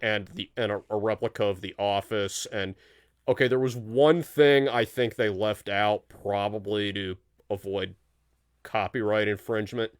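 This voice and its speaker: A man hosting a casual live chat show, talking in halting bursts with frequent restarts. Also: lowish voice, steady tone, no echo, studio quality. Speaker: podcast host.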